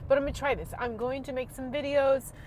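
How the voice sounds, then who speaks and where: A middle-aged woman, rambling loudly and self-deprecatingly to camera while driving, on a clip-on mic. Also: high-pitched, fairly even intonation, quick pace, slight background noise. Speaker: vlogger. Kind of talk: rambling casual monologue. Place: in her car while driving. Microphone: clip-on microphone.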